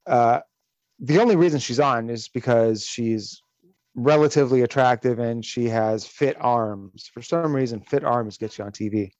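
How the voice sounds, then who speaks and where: A man's voice: medium pitch, normal speed, darkish tone, dry recording, lo-fi sound. A man hosting a casual podcast chat, ranting animatedly and profanely with frequent restarts. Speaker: podcast host.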